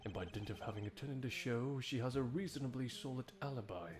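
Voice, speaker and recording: A man voicing a composed, formal male prosecutor in a game dub, measured and dry in delivery. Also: medium pitch, a little mellow, lightly acted.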